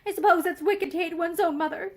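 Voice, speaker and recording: A woman's voice: extremely high pitch, steady tone, fast talker. A woman voicing a passionate, unhappy young wife who storms and pleads in a storybook reading. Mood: miserable.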